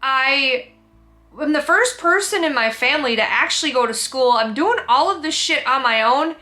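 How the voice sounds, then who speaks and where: Young woman, high voice, teary and candid, rambling sit-down storytelling, faint music underneath. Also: animated, moderate pace, bright, forceful tone. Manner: candid, emotional, rambling with restarts. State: teary, emotional. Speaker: vlogger.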